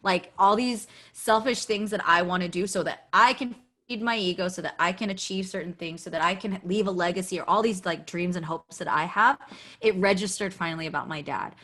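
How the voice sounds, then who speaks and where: A woman podcast guest telling a candid personal story, animated and acting out quoted dialogue, with frequent "like" fillers. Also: lowish voice, brisk. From United States.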